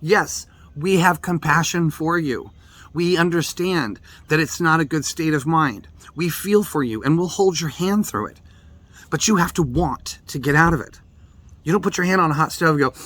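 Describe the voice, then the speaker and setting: A man's voice: on the high side, normal speed, a bit bright. A middle-aged man giving a blunt, emphatic talk on meditation as a Buddhist teacher. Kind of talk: direct-to-camera daily reflection talk.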